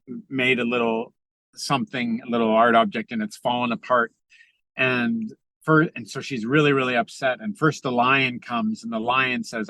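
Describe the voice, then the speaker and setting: A middle-aged man talks earnestly over a video call, pausing and restarting often as he works through his thoughts. His voice sits at an ordinary pitch and the sound is dry and close. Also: pushed and bright, no echo. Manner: earnest, halting, with frequent fillers and restarts. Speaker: podcast guest, author. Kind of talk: reflective conversational talk.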